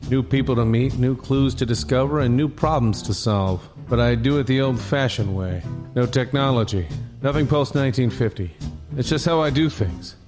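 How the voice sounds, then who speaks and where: A man narrating as an old-fashioned private eye in a scripted noir-style piece, deadpan and measured. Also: mid-range voice, over music, natural voice.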